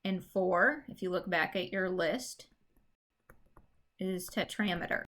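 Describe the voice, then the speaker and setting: A woman's voice: lowish voice, steady tone, unhurried, a bit bright. A woman teacher giving a recorded lesson on poetic meter, patiently explaining and reading lines of verse aloud with the stressed beats drawn out. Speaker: English teacher.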